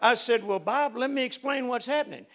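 A man's voice: extremely high pitch, brisk. Fervent older man preaching a sermon. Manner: fervent, shouting preaching with call-and-response prompts.

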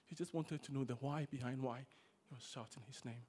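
A man preaching a sermon to a congregation, swinging between loud exhortation and quiet asides. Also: mid-range voice, brisk, husky. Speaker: pastor. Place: church service.

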